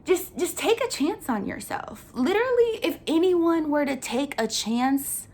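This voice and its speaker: A young woman hosting a vlog, talking in a casual, earnest way with lots of filler words and an upbeat, animated delivery. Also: high-pitched, unhurried. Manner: chatty, earnest, full of "like" fillers. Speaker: vlog host. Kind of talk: casual life-update chat.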